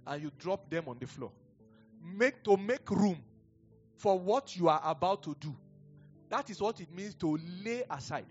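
High-voiced Nigerian pastor preaching. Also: male voice, expressive, unhurried, darkish tone. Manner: conversational, digressive storytelling with chuckles. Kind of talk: preaching a sermon. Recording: dull lo-fi sound with faint music.

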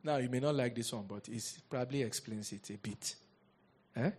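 A man preaching a sermon as a pastor, lively and rhetorical, often asking the congregation questions. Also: medium pitch, normal speed, slightly rough.

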